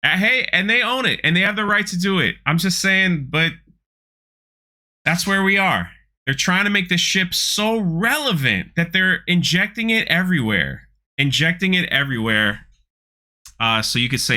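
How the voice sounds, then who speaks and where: Guy ranting about a trailer, sarcastic, keeps restarting, sharp bright voice. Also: high voice, animated, normal speed. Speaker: channel host. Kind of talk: opinion commentary on a trailer.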